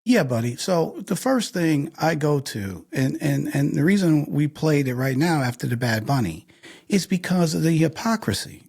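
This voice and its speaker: A man's voice: fairly high pitch, lively intonation, normal speed, gravelly, darkish tone, slightly rough. A man hosting a podcast discussion, talking emphatically and checking in with repeated "okay?" and "right?". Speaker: podcast host.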